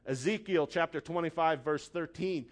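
High-voiced animated man preaching. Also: normal speed. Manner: animated, acts out voices with sudden high squeals. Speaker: pastor. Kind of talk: sermon.

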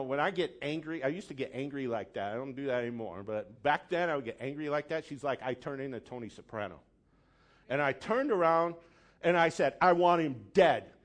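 Animated, lively-voiced male preacher. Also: on the high side. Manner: animated, dramatic storyteller who acts out his own angry outbursts. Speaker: pastor. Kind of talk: sermon with storytelling.

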